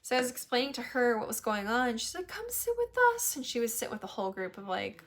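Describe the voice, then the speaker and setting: Animated woman telling a story. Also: fairly high pitch, quick pace. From New Hampshire, USA. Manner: animated, swearing, laughs often. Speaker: podcast host. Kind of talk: casual storytelling chat.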